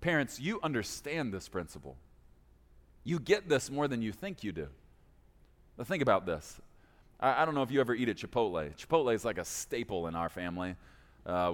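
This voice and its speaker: Male pastor, sermon, expressive swinging pitch, playful casual asides, echoey hall reverb. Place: church sanctuary.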